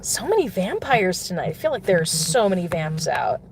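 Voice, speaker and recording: A woman's voice: lowish voice, sing-song, brisk, creaky, a little hiss or hum. A woman casually chatting with viewers while she plays a mobile game in her car, giggling often. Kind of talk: casual live-stream chat while playing. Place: in a car, pulling over.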